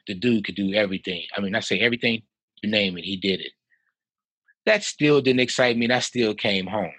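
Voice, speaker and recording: A man in his fifties from Chicago, a house music producer telling stories as a podcast guest in a lively way, with frequent laughs and restarts. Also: lowish voice, a little fast, dry recording, rough recording. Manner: animated, laughs often, repeats and restarts. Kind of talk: casual storytelling in a podcast interview.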